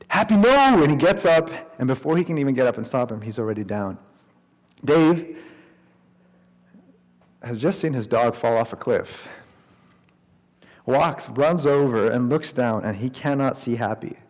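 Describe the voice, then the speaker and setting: Male pastor, conversational storytelling sermon, mid-pitched voice, long hall reverb. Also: darkish tone.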